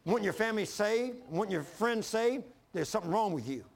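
Fervent preacher man, gravelly high voice. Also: animated, a little fast. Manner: fervent, emphatic preaching that swings from loud to hushed; calls for congregation responses. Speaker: pastor. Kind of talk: sermon.

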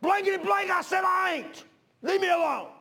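A man preacher acting out a hot-tempered fisherman disciple who shouts in defiance. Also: very high-pitched, normal speed, creaky, voice pushed up, heavily acted. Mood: furious.

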